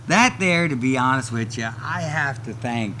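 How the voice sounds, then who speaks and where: Bright-voiced guy telling ring stories, does all the voices, bit of hiss behind. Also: normal speed. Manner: animated, acts out quoted voices with big pitch jumps. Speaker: wrestler telling career stories. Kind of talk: casual interview storytelling.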